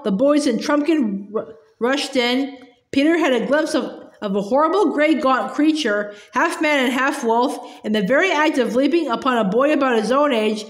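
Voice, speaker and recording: A woman narrates a novel aloud in a steady reading voice that now and then stumbles over a word. Her voice sits high. The recording has a roomy echo.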